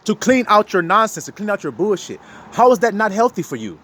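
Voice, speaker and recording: Man, preachy monologue, blunt and profane, lively swooping pitch, a touch high, faint traffic noise behind. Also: brisk. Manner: blunt and profane, mocking others in put-on voices. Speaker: online preacher.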